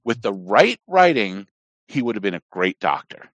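A man's voice: fairly low pitch, moderate pace, no echo. A man from Appalachia, chatting casually on a podcast and rambling off on tangents. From Southern Appalachia, US. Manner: rambling, digressive, animated. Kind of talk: casual conversation.

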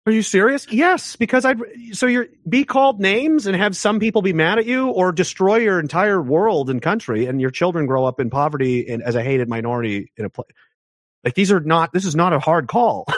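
A man talking as an interview guest, ranting emphatically, with his pitch jumping up sharply on the points he stresses. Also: expressive, normal speed, dry recording, clean studio sound. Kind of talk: heated conversational interview.

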